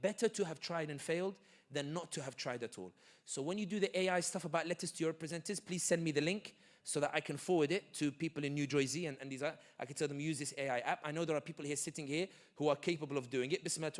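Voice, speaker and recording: A man with a high, bright voice gives a lively community talk in a hall. He is animated and joking, with many quick asides as he tells his stories. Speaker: guest speaker.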